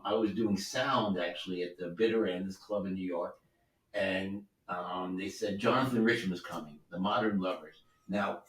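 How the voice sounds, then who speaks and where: A man in his seventies, a record producer, telling rambling anecdotes in an easygoing way with many asides. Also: on the low side. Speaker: record producer and guest musician. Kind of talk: relaxed anecdotal storytelling. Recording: roomy sound, distant from the mic.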